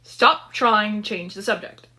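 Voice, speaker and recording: A woman's voice: mid-range voice, measured pace, bright, forceful tone. A woman reading as a nosy teasing best friend. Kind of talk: dramatic story reading.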